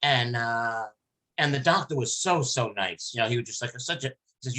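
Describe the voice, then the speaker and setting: A man hosting a casual podcast chat, telling an emotional personal story. His pitch sits in the ordinary middle for a man, and he rambles and restarts as he goes. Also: normal speed, bright, forceful tone. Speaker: podcast host.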